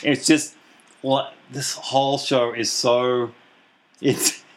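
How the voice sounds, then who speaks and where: A man's voice: mid-range voice, flat delivery, slow pace, slight background noise. A man hosting a podcast in casual chat, rambling and laughing often as he retells a show. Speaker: podcast host.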